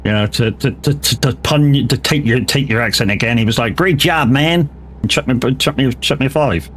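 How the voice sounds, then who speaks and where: A gaming streamer from England talks a little fast in a mid-range, fairly bright voice, with a little hiss or hum present. Livestreaming a driving game, he chats casually, rambling and swearing freely.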